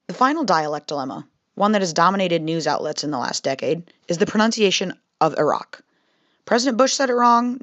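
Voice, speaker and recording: A young woman from the Midwestern United States, with a Midwestern American accent and a lowish voice, reads scripted narration in a wry, conversational manner. The voice-over is dry with no echo and sounds slightly dull.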